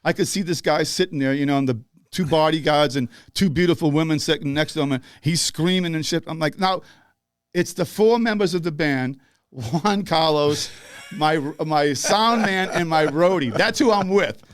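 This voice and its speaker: A man's voice: a little high, moderate pace, dry recording, studio quality. An older man from the northeastern US telling a story in casual chat, profane and laughing, acting out the people in it.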